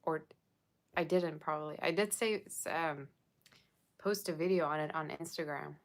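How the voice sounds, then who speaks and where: A woman with a low voice runs a casual tarot reading for her viewers. She talks in a chatty way and checks in with them often. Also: moderate pace. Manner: chatty, addresses viewers with frequent "okay?". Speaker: tarot reader.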